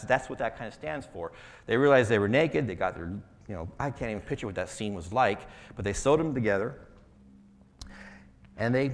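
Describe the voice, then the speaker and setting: A man, a pastor, preaching a conversational sermon full of rhetorical questions. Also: mid-range voice. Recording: long reverberant hall.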